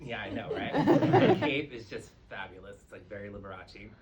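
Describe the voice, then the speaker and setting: A man doing a stand-up comedy set on a club stage, telling campy, profane stories with big swings in pitch and energy. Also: wildly swooping pitch, moderate pace, a crowd in the background, rough recording. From New York. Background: audience laughter.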